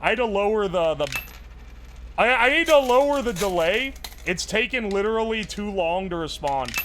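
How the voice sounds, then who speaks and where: Young male streamer, high bright voice, excitable, swears while tinkering, faint music behind. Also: normal speed, slight background noise. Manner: excitable, swears a lot, thinks aloud. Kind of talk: casual live-stream chat while tinkering.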